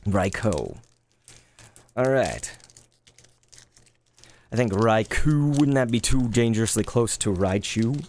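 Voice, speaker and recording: A man in his thirties chatting casually while opening trading cards live, laid-back and quick to get excited. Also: lowish voice, a little hiss or hum. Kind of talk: live card-opening stream chat.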